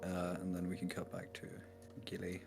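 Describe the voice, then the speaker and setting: A man's voice: low-pitched, monotone, moderate pace, creaky. A man playing a tabletop game over an online call, talking casually and rambling with fillers. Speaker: player. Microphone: home mic on an online call. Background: background music.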